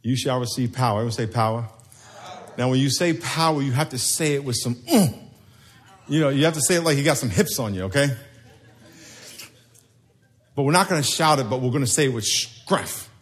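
A pastor preaching a sermon in a church, talking in a playful, conversational way and leading the congregation in call-and-response. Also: male voice, medium pitch, normal speed, long pauses. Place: church sanctuary.

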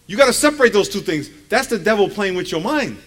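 Man in his forties, bright high voice, preaching to a church; casual and funny, keeps asking the room questions. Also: fast. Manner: lively, joking, asks the congregation rhetorical questions. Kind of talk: conversational sermon.

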